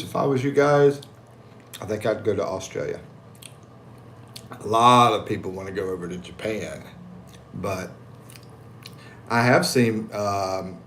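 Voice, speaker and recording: Recorded with a slight hiss or hum, this man's voice sits on the low side. He's an American hosting a laid-back stream from the Philippines, reading viewer messages in animated voices and chuckling often as he responds.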